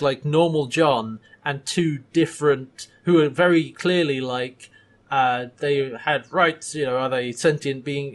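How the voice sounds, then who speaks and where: A man's voice: medium pitch, a bit bright. A man in casual chat recapping a TV episode, laughing often and acting out the characters' lines.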